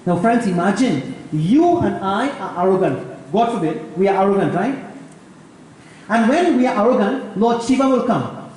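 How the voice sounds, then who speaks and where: Trinidadian man, pundit, sermon, high voice, strongly echoing hall, faint background ambience. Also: moderate pace, a little hiss or hum. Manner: lively storytelling, addresses listeners as friends. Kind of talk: Hindu sermon with jokes.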